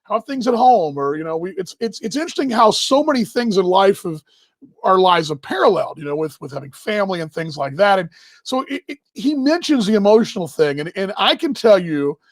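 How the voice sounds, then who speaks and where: A man's voice: sits high, expressive, moderate pace, no echo. A man hosting a live baseball chat show, rambling and emotional, talking while he juggles other tasks. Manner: rambling, emotional, talks while handling gear. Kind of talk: casual live stream chat.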